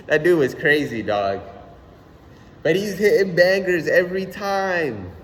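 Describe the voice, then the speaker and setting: A young man ranting casually on his own channel, animated and slangy, swearing often and repeating "son". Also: high voice, moderate pace, long reverb tail. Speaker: vlogger. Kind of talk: casual rant.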